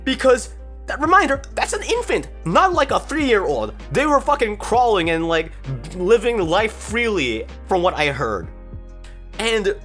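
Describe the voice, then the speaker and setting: A woman's voice: medium pitch, very animated, unhurried, fairly bright tone, faint music behind. A woman telling a story in a casual vlog, rambling and swearing with exasperated outbursts. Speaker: storytime vlogger.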